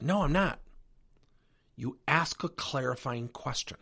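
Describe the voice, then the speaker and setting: A man's voice: medium pitch, unhurried, vocal fry, pauses often. A middle-aged man hosting a coaching podcast, telling stories and acting out conversations as he goes. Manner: animated storytelling with acted-out dialogue. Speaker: podcast host and workplace coach. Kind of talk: solo podcast monologue.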